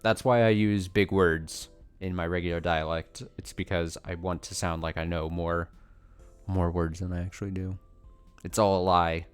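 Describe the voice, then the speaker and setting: A man's voice: low voice, steady tone, moderate pace, clean tone. A man chatting casually while streaming a game, rambling and self-deprecating, answering viewer questions with a chuckle. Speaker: let's play streamer. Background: faint game music.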